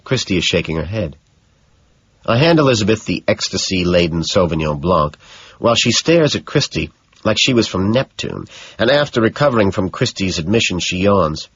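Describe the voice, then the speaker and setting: A man reads first-person audiobook narration in a measured, even delivery. His voice sits very low and carries a husky grain. The sound is dry and somewhat muffled. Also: dry recording.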